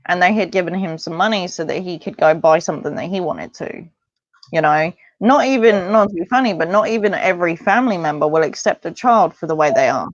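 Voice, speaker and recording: A chatty woman with a fairly low voice tells stories in a rambling, lively way. Her sound is dry and a bit dull, as if from a lo-fi line. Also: brisk, dry recording. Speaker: parent guest. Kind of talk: casual interview chat.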